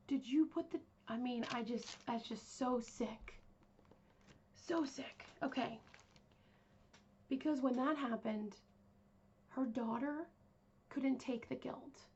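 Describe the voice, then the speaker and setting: A woman's voice: high-pitched, darkish tone, muffled recording, slight background noise. A woman hosting a true crime podcast, telling the story in a casual, rambling way with lots of fillers. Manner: rambling, chatty, with many fillers.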